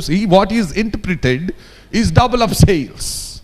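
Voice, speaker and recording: Indian guy teaching a workshop, slightly high voice, punchy, keeps asking the crowd if they follow. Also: expressive, unhurried, darkish tone. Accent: Indian English. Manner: emphatic, often checks in with the audience. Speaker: workshop trainer. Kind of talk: lecture workshop. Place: conference hall.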